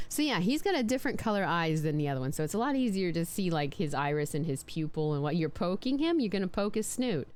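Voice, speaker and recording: A woman's voice: fairly low pitch, big pitch swings, quick pace, hardly any pauses, a little mellow, clean tone. A woman on a casual live stream, chatting playfully about her pet snakes and now and then putting on silly voices for them. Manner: chatty, playful, talks with lots of likes and restarts.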